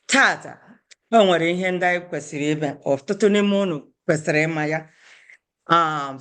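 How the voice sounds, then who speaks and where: A woman from Owerri, Nigeria, teaches an online language class over a video call, patiently explaining and repeating Igbo words while mixing them into her English. Her voice is fairly low-pitched with a fairly bright tone.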